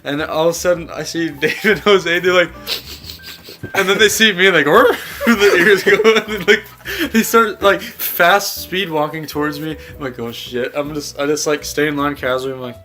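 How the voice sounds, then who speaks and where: Bright-voiced young man telling a story. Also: fairly high pitch, normal speed. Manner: rambling, laughing often, many "like"s. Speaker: podcast co-host. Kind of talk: casual storytelling among friends.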